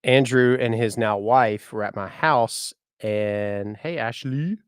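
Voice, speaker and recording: A musician and content creator in his thirties chats casually on a live stream, joking, laughing often, swearing, and greeting viewers by name. His mid-range voice is smooth and unhurried, recorded at studio quality with no echo.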